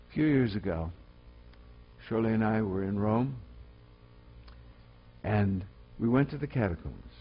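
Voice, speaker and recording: Emphatic male preacher, slow and lively. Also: on the low side, slightly rough, dull audio. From Colorado. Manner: emphatic, swinging from loud exhortation to quiet storytelling. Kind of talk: sermon.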